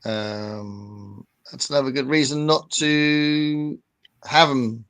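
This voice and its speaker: A man's voice: medium pitch, fairly even intonation, slow pace, creaky, a bit bright. Chatty male host. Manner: chatty, rambling, reads out chat comments. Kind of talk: casual livestream chat.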